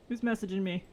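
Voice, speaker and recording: A woman's voice: fairly high pitch, a little mellow. A young woman streaming a video game, chatting casually to her viewers, laughing often and exclaiming when things go wrong. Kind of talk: casual gameplay commentary.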